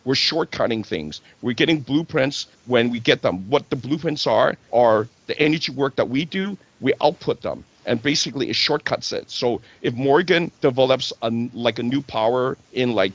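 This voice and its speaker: A man's voice: mid-range voice, animated, moderate pace, few pauses, dull audio. A man hosting a casual spiritual talk show, preaching and checking in with "right?" and "okay?".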